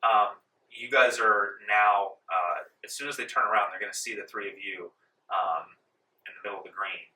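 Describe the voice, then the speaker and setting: A man narrating as game master in a tabletop game, relaxed, with many ums, in a library meeting room. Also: on the low side, moderate pace. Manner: relaxed, full of ums, laughs along. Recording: roomy echo, distant mic.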